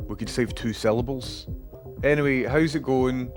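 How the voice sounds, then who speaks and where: A man's voice: mid-range voice, normal speed, soft background music. A Scottish man hosting a live stream, chatting casually with viewers, with dry asides and some swearing.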